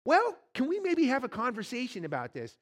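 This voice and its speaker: A man voicing a frightened male ghost, clinging and pleading in high, anxious outbursts. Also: wildly swooping pitch, fairly quick, heavily acted. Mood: alarmed.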